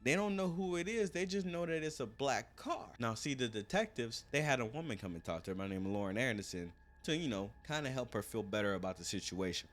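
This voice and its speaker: A man's voice: mid-range voice, expressive, quick pace, few pauses, a bit bright, a little hiss or hum. A young man telling a crime story in a casual, slangy, joking way.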